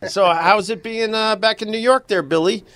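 Man, podcast host, high voice, bright tone, chummy and upbeat. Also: normal speed, clear, resonant tone, no echo. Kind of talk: casual podcast chat.

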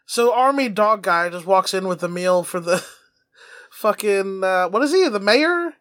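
A man co-hosting a podcast in casual comedic chat, excitable, laughing often and swearing freely. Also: high-pitched, measured pace, no room sound. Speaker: podcast co-host.

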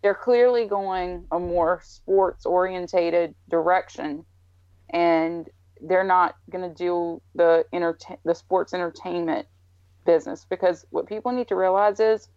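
A woman's voice: fairly low pitch, fairly even intonation, a little slow, darkish tone, clean tone, no echo. A woman with a Southern US accent, a podcast guest chatting in a friendly way. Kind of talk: casual chat. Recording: slightly dull lo-fi sound.

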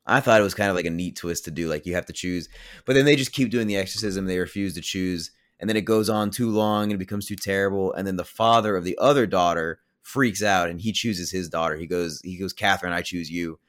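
A man's voice: low-pitched, fast, no echo, studio quality. A man reviewing a film on a podcast, retelling the plot in a rambling, casual way with lots of "like" and blunt, offhand opinions. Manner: rambling, heavy use of "like". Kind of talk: casual spoiler recap.

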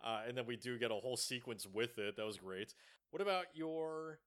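A male podcast co-host chatting about a film in a loose, casual way. He gets animated, laughs easily and drops swear words without a second thought. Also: medium pitch, brisk. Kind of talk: casual movie-review chat.

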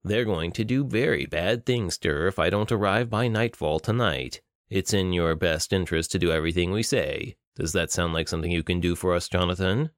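A male audiobook narrator voicing a menacing, cruel male villain who taunts slowly. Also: deep voice, no echo, clean studio sound, lightly acted. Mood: threatening.

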